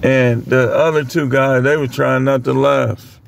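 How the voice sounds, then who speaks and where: A young man casually telling work stories to the camera, animated and full of voice impressions. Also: mid-range voice, measured pace, vocal fry, slight background noise. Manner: animated, imitates other people's voices mid-story. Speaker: vlogger. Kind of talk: casual storytelling.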